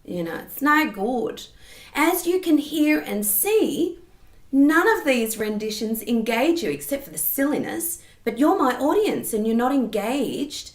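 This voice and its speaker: A woman singing teacher explaining vocal technique patiently and clearly, often checking in with the listener. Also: high-pitched, very animated, a little slow. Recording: roomy echo.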